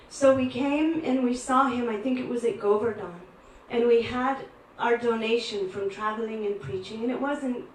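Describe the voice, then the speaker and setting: A woman with a fairly high voice gives a devotional talk, telling her personal stories in an earnest way. She sounds set back from the mic, in a room with plenty of echo. A faint hiss of background sound sits beneath her. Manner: earnest, storytelling. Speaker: devotional speaker. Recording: roomy echo, from a distance.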